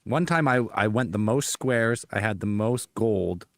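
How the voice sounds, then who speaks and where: A man's voice: on the low side, expressive, measured pace, no echo. A man chatting casually on a podcast, laid-back and plain-spoken as he talks about his kids. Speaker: podcast co-host. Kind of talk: casual chat.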